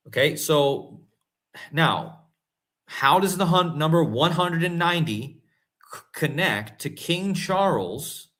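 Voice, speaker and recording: Male host, casual commentary, excitable and emphatic, voice slightly high. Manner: excitable, rising to incredulous emphasis; talks to viewers directly, often calling them guys and folks. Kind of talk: casual conspiracy commentary to camera.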